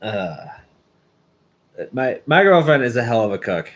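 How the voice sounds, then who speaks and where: A young man talks casually to his live-stream viewers. His voice sits in an ordinary middle pitch, and he rambles through his stories with lots of fillers and restarts. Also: sing-song, measured pace. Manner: rambling, warm-hearted storytelling with many fillers. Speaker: streamer, schoolteacher.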